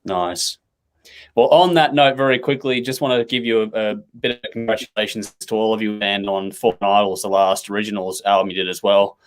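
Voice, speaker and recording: A man hosting an interview over a video call, friendly and hurried, reading out viewer comments. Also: on the low side, steady tone. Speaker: host. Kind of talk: casual interview chat.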